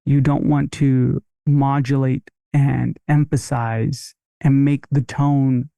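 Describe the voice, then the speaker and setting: A man's voice: mid-range voice, little pitch movement, slow pace, creaky, mellow, no room sound. A man teaching dental marketing on a podcast, in a punchy, upbeat coaching manner.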